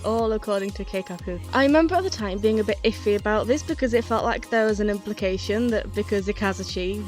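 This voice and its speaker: A medium-pitched woman, slightly out of breath, chats her way through a casual retrospective review. She sounds enthusiastic and laughs easily.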